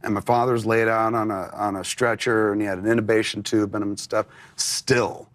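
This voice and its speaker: Man, lowish voice, rambling candid storyteller, talk show guest. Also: level tone, moderate pace. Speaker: interview guest.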